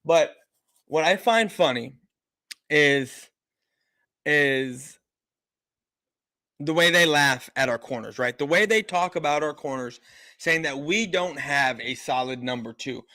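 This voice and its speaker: A man's voice: fairly high pitch, takes it slowly, pauses often, sharp tone, no echo. A man hosting a live-stream sports show, ranting emphatically and repeating himself for effect. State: out of breath. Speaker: sports talk host.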